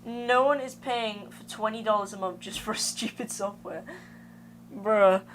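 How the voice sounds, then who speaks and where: Speaking at a measured pace in a medium-pitched, fairly bright voice, a young female streamer rambles casually to chat in slangy language while gaming. Game music plays, along with a little hiss or hum.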